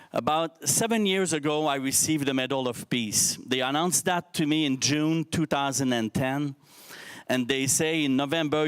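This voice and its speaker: A French-speaking man in his fifties addresses a young crowd in English with a Québécois French accent. His voice is smooth and resonant, close and dry on the stage microphone. He talks candidly and earnestly, breaking off and restarting words as he searches for them. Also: mid-range voice, dry recording. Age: 50s. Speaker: keynote speaker. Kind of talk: speech to a youth audience. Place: science centre stage.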